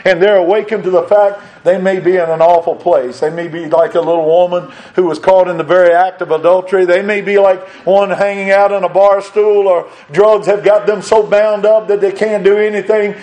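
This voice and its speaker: Emphatic preacher, higher-voiced man. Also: level tone, fairly quick, few pauses, darkish tone, low-quality recording. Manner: preaching with rises and drops in pitch and volume; repetitive, emphatic phrasing. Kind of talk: sermon.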